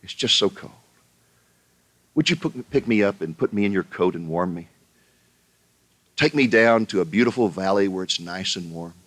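A preacher voicing a cunning male rattlesnake that pleads softly in a parable. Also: sits low, expressive, moderate pace, long pauses. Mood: pleading.

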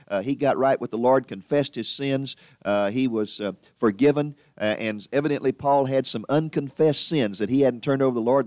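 Male preacher, emphatic, pitch leaps on key words, dry close sound. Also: a little mellow, dry recording. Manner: emphatic, swinging pitch for stress, slows on scripture. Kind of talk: sermon.

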